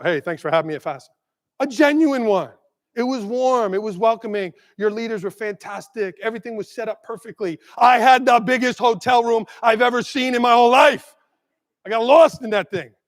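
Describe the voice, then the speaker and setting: A man giving an energetic motivational keynote to school administrators, acting out quick exchanges with staff and parents. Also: very high-pitched. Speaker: keynote speaker. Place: large conference hall. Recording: long hall reverb.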